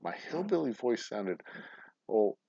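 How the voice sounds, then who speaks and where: A man with a lowish voice hosts a casual livestream chat. He rambles, swears often and downplays his own opinions. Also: sing-song, measured pace, creaky, mellow, husky, lo-fi sound. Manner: rambling, profane, self-deprecating. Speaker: distillery show host.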